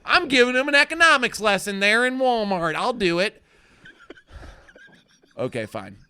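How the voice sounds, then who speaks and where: A man's voice: high voice, big pitch swings, moderate pace, sharp tone, smooth. A man hosting a live internet show, telling a rambling, profane, self-mocking story. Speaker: host.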